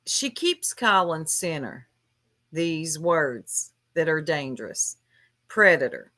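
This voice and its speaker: Woman streamer ranting real slow, scolding, bright sharp voice. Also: sits low, animated. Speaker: livestream host. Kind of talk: casual livestream commentary.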